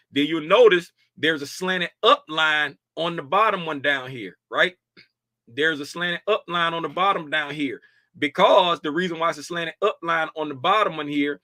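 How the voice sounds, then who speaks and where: Bright and on the high side, his voice carries a forceful tone as he casually goes over trading charts on screen. A futures trading educator, he chats colloquially, asks "right?" after nearly every point, and sounds tired and a bit draggy. The studio-quality recording has no room sound.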